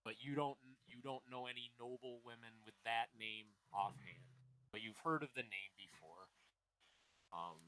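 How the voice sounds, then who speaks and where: A man narrating as game master, explaining rules and scenes in a relaxed, chuckling way. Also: medium pitch, moderate pace, rough recording.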